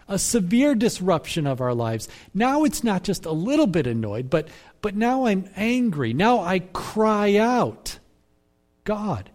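Slow, mellow-voiced male preacher. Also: sits high. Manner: measured, reflective preaching with repeated phrases. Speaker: pastor. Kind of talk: sermon.

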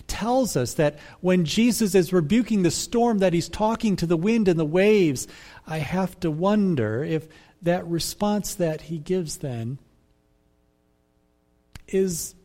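A man preaching a sermon as pastor, in a measured, reflective way that repeats phrases for emphasis. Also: high-pitched, warm tone.

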